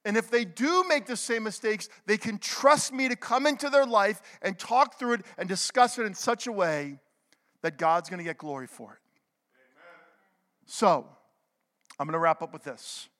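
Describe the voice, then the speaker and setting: A middle-aged man preaches from the pulpit in a strikingly high voice, and long reverb from a large church hall trails every phrase. He swings between loud, urgent exhortation and near-whispered confession, stopping to ask the congregation for an amen. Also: expressive, normal speed. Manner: calls for amens from the congregation. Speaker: pastor. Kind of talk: sermon.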